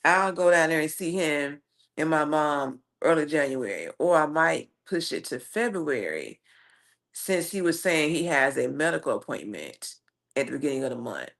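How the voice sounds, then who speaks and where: A woman's voice: low-pitched, moderate pace, creaky. Sassy Southern woman chatting on a live stream. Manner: sassy, animated storyteller. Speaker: livestream host. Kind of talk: casual livestream chat, reading viewer comments.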